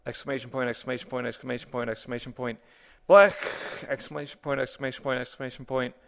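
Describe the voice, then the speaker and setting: A man's voice: mid-range voice, flat delivery, very fast, creaky, fairly bright tone. A man hosting a comedy podcast, reading listener comments and rambling through wry rhetorical questions. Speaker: podcast host.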